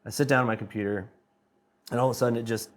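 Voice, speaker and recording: Podcast guest, man in his 30s, excitable rambler, salty language, mid-range voice. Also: medium pitch, very fast. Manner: excitable, rambling, swears freely. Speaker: guest band member. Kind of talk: casual anecdote telling.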